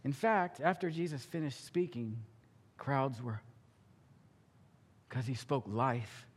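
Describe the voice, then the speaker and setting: A male pastor preaching a sermon, telling the story with animated acting-out of characters. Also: sits high, measured pace, husky, in a large hall.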